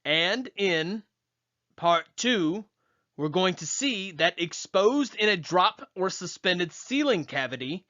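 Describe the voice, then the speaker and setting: A man explaining an electrical code question in a playfully put-on accent, in measured, spelled-out steps. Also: high voice, animated, pushed and bright, pitched above the performer's own voice, exaggerated voice. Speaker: electrical exam coach. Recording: dull lo-fi old video.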